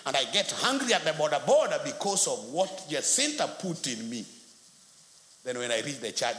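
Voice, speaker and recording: Brief: male preacher, lively and forceful storytelling, roomy church sound. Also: medium pitch, moderate pace. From Kenya. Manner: animated storytelling, acts out quotes. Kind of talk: sermon. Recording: echoey hall, faint noise.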